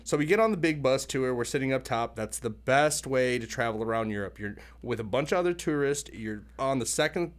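A man's voice: medium pitch, fairly quick, few pauses. A young adult man telling a story in casual chat, acting out the people he quotes. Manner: animated storyteller, acts out quotes in shifting voices.

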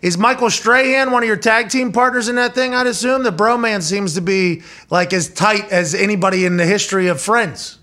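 A man's voice: sits high, a little fast, few pauses, sharp tone. A man hosting a podcast, enthusiastic and supportive in casual talk. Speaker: podcast host.

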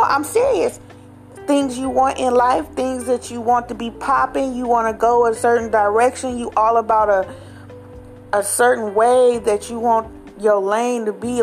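A woman vlogger talking straight to her viewers in a casual, animated, slang-filled way, often tagging lines with "okay?". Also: on the high side. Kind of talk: casual direct-to-camera chat.

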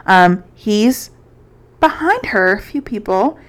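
A podcast co-host recaps a book in a casual, rambling way, her mid-range voice swinging widely in pitch as she takes her time. She swears plenty and fills her storytelling with filler words.

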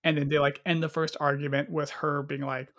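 A movie reviewer chats casually on a podcast about a film, rambling, cutting himself off and acting out lines in quotes. His voice is a little high and fairly bright, with a flat delivery and a slightly fast pace.

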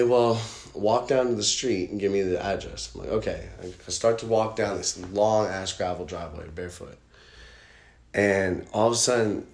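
A man's voice: on the low side, a little mellow, reverberant. Profane, rambling man telling stories. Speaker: podcast host. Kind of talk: casual storytelling chat.

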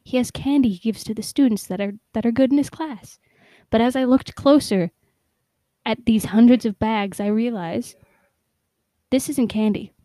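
A woman putting on a mock-spooky horror storyteller voice, telling a school tale slowly and deliberately, trying to sound eerie. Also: on the high side, mellow, dry recording, lightly acted.

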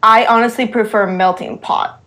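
A woman co-hosting a podcast, chatting casually and calmly giving her take on restaurants. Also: on the high side, normal speed. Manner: relaxed, gives opinions on food. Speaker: podcast co-host. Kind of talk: casual chat.

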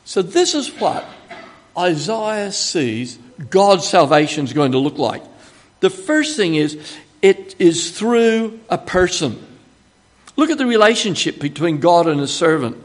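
An older Australian man delivers a sermon at an unhurried, deliberate pace. His voice sits a little higher than most men's. His teaching is conversational and full of asides, and it rises into emphatic bursts when he quotes God. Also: big pitch swings. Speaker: preacher.

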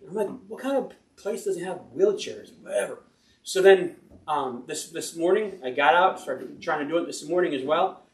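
A man's voice: fairly high pitch, distant mic. A man preaching an informal sermon, rambling and chatty, who breaks off to laugh at his own stories. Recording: roomy and from the mic.

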